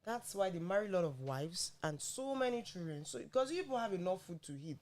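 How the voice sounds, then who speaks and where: A woman's voice: on the low side, very animated, a little fast, darkish tone. A woman with a Nigerian accent, co-hosting a gospel radio show in a firm, teasing, scolding way. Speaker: radio co-host.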